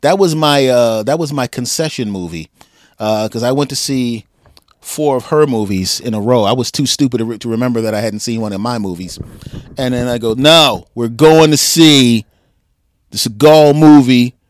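A man hosting a podcast interview, talking in a laid-back way with frequent chuckles and pauses. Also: mid-range voice, a little mellow, no room sound, studio quality. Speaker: podcast host. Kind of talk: casual interview chat.

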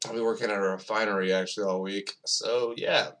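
A man's voice: fairly low pitch, fairly even intonation, fairly quick, fairly bright tone. A man hosting his own podcast, rambling alone in a profane, self-mocking casual monologue. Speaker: podcast host.

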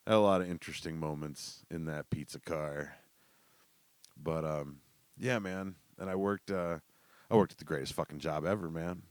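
A young man telling casual, profane stories that ramble along, with laughter and quick bursts. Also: very deep voice, dry recording. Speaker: storyteller. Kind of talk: casual storytelling.

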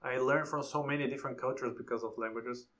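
A man's voice: medium pitch, fairly even intonation, fast, a bit bright. Thoughtful man chatting on a podcast. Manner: thoughtful, with frequent restarts. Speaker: podcast co-host. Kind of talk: casual chat.

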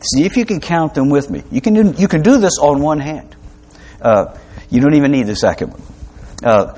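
A preacher delivers a sermon in a conversational teaching style, full of asides, light humor and rhetorical questions. His voice is a little high, expressive and dark in tone at a normal speed, with frequent fillers and restarts.

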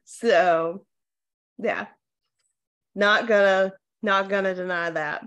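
A young woman co-hosting a podcast, chatting casually, hesitant with many pauses and laughs. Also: medium pitch, steady tone, a bit bright, smooth, muffled recording. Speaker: podcast co-host. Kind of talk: casual chat.

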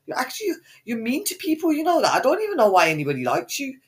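Woman podcast cohost, animated delivery, constant swearing and teasing. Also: high voice, quick pace. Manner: foul-mouthed, mock-insulting. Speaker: podcast co-host. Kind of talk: casual podcast banter.

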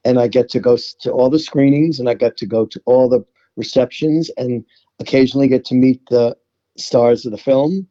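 A man's voice: mid-range voice, normal speed, dark tone, muffled recording. A middle-aged to older man with a New York accent, telling stories from his life in a chatty interview, often repeating words as he starts a thought. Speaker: songwriter guest. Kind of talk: interview conversation.

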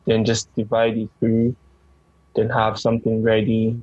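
A man's voice: fairly low pitch, monotone, unhurried, breathy edge, no room sound. A man guest on a podcast, explaining at length in a friendly casual chat. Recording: dull, dry sound.

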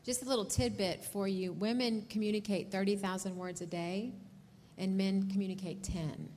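A woman's voice: mid-range voice, fairly even intonation, normal speed, a little mellow, slight background noise. A woman teaching couples at a marriage seminar, speaking directly and often checking in with "okay?".

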